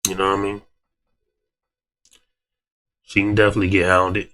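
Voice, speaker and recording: A young man with a fairly low voice and a cold, talking loosely in slang as he reacts to a video. He speaks straight to his viewers in a relaxed, offhand way. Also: normal speed. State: sick with a cold. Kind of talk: casual reaction commentary.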